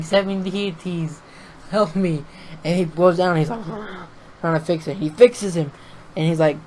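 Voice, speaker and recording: An excitable young man talks straight into his webcam, recapping a wrestling show in a loose, rambling way. He swears freely and breaks into laughter as he retells it. A faint hiss of noise sits under his voice. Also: fairly high pitch, poor audio. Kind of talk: casual recap with face cam.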